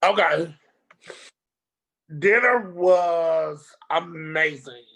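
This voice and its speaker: A speaker on a video call, telling a rambling, animated story in casual chat, with slang and swearing. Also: medium pitch, very slow, vocal fry.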